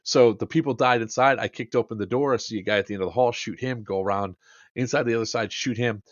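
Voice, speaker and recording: A man's voice: mid-range voice, fast talker, no room sound, lo-fi sound. A man hosting a podcast, casually and animatedly recounting an airsoft game, swearing and acting out the quotes with plenty of fillers. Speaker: podcast host.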